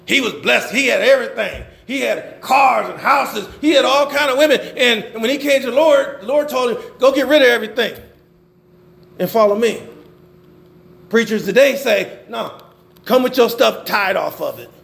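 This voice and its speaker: An older man preaching a sermon, swinging between loud emphasis and low murmurs. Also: moderate pace, vocal fry, roomy sound. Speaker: pastor.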